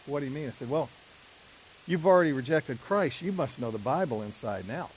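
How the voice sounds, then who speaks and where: A middle-aged man giving a talk to a men's group, telling stories in a relaxed conversational way and acting out the dialogue. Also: medium pitch, low-quality recording. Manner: conversational, acts out dialogue with fillers. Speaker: speaker at a men's ministry. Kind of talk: sermon-like storytelling talk. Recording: faint hiss.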